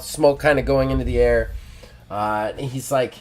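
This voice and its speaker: A man narrating a solo journaling tabletop game live, casual and relaxed with many fillers and restarts. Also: mid-range voice, moderate pace, over music.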